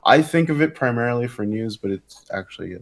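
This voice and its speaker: A man's voice: medium pitch, expressive, fast talker. A man from Canada co-hosting a casual gaming podcast, giving short explanations with hesitant fillers. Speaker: podcast co-host.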